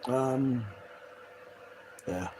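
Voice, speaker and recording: Mellow and drawing out his words, a medium-pitched man hosts a casual livestream, swearing frequently and laughing while reading viewer comments. The low-quality recording has a bit of hiss or hum.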